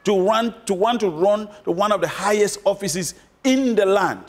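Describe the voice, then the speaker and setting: A man's voice: high-pitched, moderate pace. A middle-aged man from Cameroon answering interview questions as a political guest, emphatic and repeating his points with rhetorical questions.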